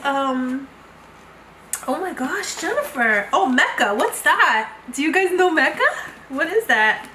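A high-pitched woman talks straight to her viewers in a gushing, effusive way, full of exclamations. Her voice rings in an echoey room, with clear background noise under it. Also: lively intonation, slow. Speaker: beauty vlogger. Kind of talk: unboxing vlog chat.

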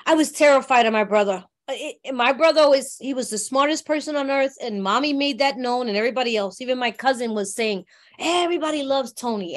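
High-voiced woman sharing a recovery story. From New York. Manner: heartfelt, conversational, often asks "you know what I mean". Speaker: workshop speaker. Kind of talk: personal recovery share.

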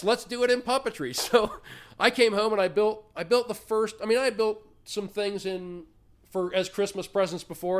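Guy rambling thru a story in an interview, restarts a lot, highish voice. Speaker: interview guest, artist and puppet builder. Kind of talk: casual interview chat.

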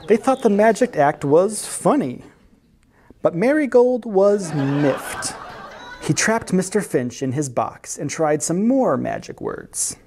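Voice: mid-range voice, very animated, slow, a little mellow, slight background noise. A library storyteller reading picture books aloud to children, who asks the listeners questions and explains words along the way.

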